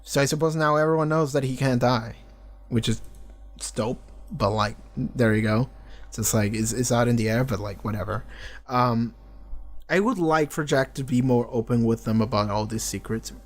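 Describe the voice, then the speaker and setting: A man's voice: medium pitch, normal speed. A man talking through a TV episode in a casual reaction video, rambling with lots of fillers and freely swearing. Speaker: TV reaction vlogger. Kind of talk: casual spoken reaction and discussion.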